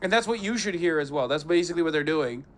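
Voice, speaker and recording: A man streaming live, reacting to clips with profane, animated commentary and mocking impressions. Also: a little high, fast talker. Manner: profane, animated, mocks voices.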